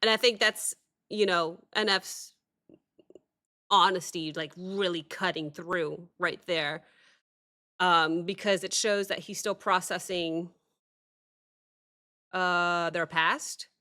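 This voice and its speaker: A woman hosting a music reaction video, talking reflectively in a halting way with many pauses and fillers. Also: fairly low pitch, fairly even intonation, pushed and bright. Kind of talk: casual reaction commentary.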